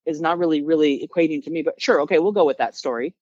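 A woman's voice: sits low, fast, a little mellow, no echo, highs cut off. A woman guest on a casual podcast, arguing bluntly and with passion. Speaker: guest, vegan advocate.

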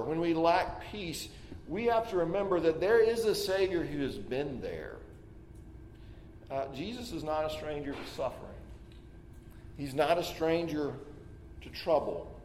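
A man's voice: on the high side, darkish tone, a little hiss or hum. A male pastor preaching a sermon in a conversational way, voicing his listeners' doubts aloud and often restarting words. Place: church sanctuary. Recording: echoey hall with long reverb, faint ambience.

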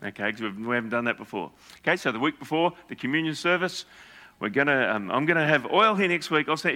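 A male pastor preaching a sermon through animated stories, acting out the people he quotes. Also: medium pitch, quick pace. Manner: animated storyteller, acts out quotes. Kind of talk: storytelling sermon.

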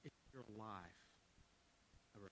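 A man's voice: takes it slowly, background noise. A male pastor preaching a sermon, telling a story in a casual, joking way and asking earnest rhetorical questions.

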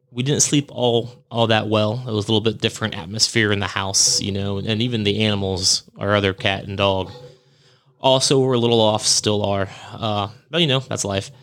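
A man's voice: on the low side, a bit bright. A man hosting a podcast, telling a personal ghost story in a rambling, self-correcting way and chuckling at himself. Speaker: podcast host. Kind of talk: casual storytelling monologue.

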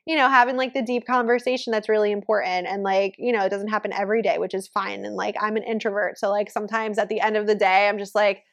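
A woman's voice: fairly high pitch, a bit bright. Chatty woman podcast host. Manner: chatty, heavy use of "like". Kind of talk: casual chat.

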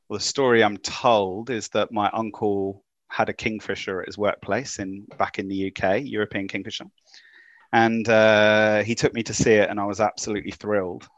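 Man, English accent, lowish pitch, halting with ums, muffled dry recording. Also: fairly bright tone, dry recording. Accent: English, turning Kiwi. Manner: hesitant, many ums and restarts. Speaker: podcast guest, birder. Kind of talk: casual interview chat.

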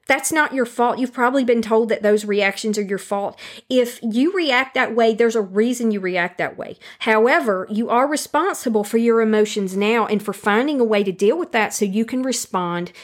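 A woman giving a calm, earnest self-help talk that speaks directly to the listener and repeats key phrases for emphasis. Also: mid-range voice. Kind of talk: teaching monologue on handling anger.

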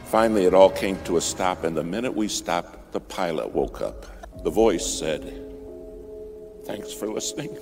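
A man preaching a sermon as a story, dramatic, rising to loud peaks and dropping to near whispers. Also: deep voice, expressive, normal speed. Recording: music bed under the voice.

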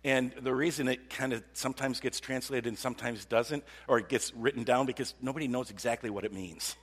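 Preacher, male, husky voice, lively and repetitive delivery, heard with a long reverb. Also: medium pitch, fairly quick. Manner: animated, repeats words, swings from loud to hushed. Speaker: pastor. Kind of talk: sermon.

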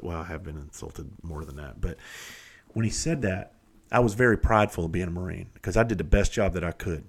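A middle-aged man hosting a podcast, telling blunt, profane stories from his own past in a casual, self-deprecating way. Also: low-pitched. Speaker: podcast host. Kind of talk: casual storytelling monologue.

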